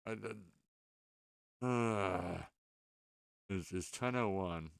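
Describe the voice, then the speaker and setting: A worn-out man hosting a late-night podcast in an easy, rambling way. His voice is low and smooth, and he talks slowly and stumbles over his words. The sound is dry and close. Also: no echo. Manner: rambling, swearing, self-deprecating, stammering. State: exhausted, sleepy. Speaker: podcast host. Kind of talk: casual late-night chat.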